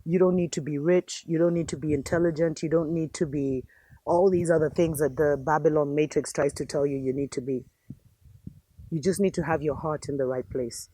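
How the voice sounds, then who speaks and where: A woman's voice: deep voice, fairly even intonation, a little fast, dark tone, no room sound. A woman host giving an impassioned spiritual commentary monologue, fervent and preachy, calling her viewers family.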